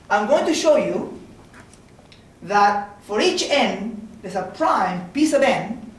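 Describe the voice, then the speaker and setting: A man's voice: very high-pitched, a bit bright. A man giving an informal mathematics seminar lecture, talking conversationally and often checking in with "okay?" and "right?". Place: lecture room. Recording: very echoey room from a distance.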